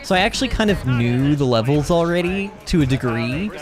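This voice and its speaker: A man hosting a gaming livestream, chatting in a rambling, animated way, reading chat and laughing often. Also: on the high side, a little fast. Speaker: livestream host. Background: game music.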